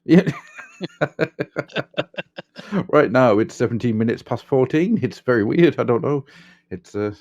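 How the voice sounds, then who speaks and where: A man's voice: mid-range voice, expressive, moderate pace, darkish tone, dull audio. A man hosting a podcast in casual chat, playful and jokey with silly asides. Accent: Cumbrian-Irish mix. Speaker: podcast host.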